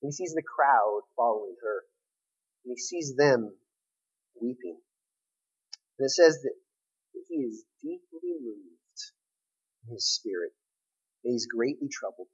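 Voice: mid-range voice, animated, unhurried, pauses often, husky, highs cut off. A preacher giving a sermon, retelling a scripture story in an emphatic, conversational way.

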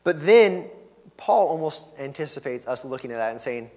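A man preaching a sermon as pastor, earnest and emphatic, pushing hard on key words and then dropping to a soft, low finish. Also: lively intonation, moderate pace. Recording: long reverb of a large hall.

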